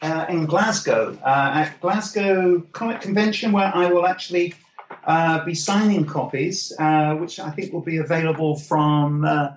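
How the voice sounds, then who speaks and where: Older male guest, higher-pitched, halting delivery thick with fillers. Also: a little hiss or hum. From England, Anglo-Irish background. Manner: hesitant, many fillers and restarts. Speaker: guest comics writer. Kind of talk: casual interview talk.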